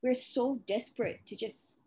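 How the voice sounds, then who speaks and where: A woman's voice: a little high, a little slow, darkish tone, slight background noise. Earnest Malaysian woman with a Eurasian accent. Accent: Malaysian English, Eurasian. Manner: earnest, talks in long runs with many "you know"s. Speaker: podcast host. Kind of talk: casual podcast chat.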